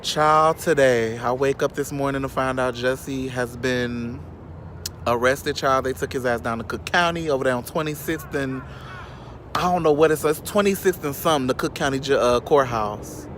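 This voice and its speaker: A man's voice: medium pitch, normal speed, fairly bright tone, slight background noise. Sassy gossiping man from Chicago. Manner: sassy, shady, keeps calling the viewer "child". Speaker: vlogger. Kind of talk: casual gossip commentary. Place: outdoors in sunlight.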